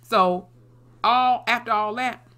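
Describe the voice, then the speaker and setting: A woman's voice: on the high side, takes it slowly, bright, forceful tone. A woman casually recapping a TV episode, blunt and salty, with many "you know" fillers. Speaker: TV episode reviewer.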